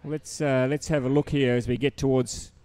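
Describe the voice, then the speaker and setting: A man's voice: medium pitch, little pitch movement, moderate pace, darkish tone. A man doing live sports commentary, teasing and chatty as he banters with his co-hosts. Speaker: lead commentator.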